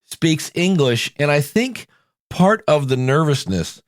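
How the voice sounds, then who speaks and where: Speaking slowly with lively intonation, a slightly high-voiced man hosts an upbeat podcast about accents in a chatty, informal style. He's a podcast coach from Ohio, USA, with a Midwestern American accent, heard in a clean studio recording without room sound.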